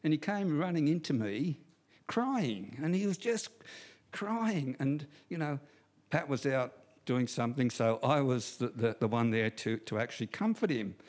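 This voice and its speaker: A man's voice: medium pitch, expressive, measured pace, a little mellow. A man, preaching a sermon as a pastor and telling stories with humor while repeating key phrases.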